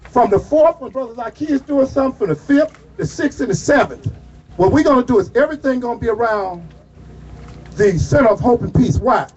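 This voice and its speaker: A man with a very high, strained speaking voice gives a fiery rally speech outdoors, shouting and calling out to the crowd like a preacher. It is caught on a phone in the crowd, so the sound is muffled and dull. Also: animated, brisk. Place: outdoor protest march. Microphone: phone recording from the crowd.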